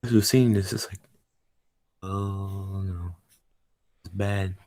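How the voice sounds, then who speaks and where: A young man in a casual chat, chiming in with short, loud comments. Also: low voice, fairly even intonation, slow pace.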